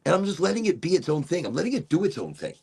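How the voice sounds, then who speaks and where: A man's voice: on the high side, sing-song, rapid-fire, creaky, darkish tone, breathy edge. A middle-aged man hosting a casual chat show, rambling freely with laughs and swearing. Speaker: podcast host.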